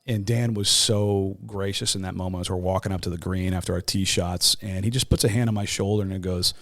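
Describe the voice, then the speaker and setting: A man and sports talk show host, giving a raw, emotional personal testimony as a podcast guest. He talks in a halting way, with many restarts and fillers, and his voice jumps much higher when he quotes others. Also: steady tone, a bit bright, no echo, studio quality.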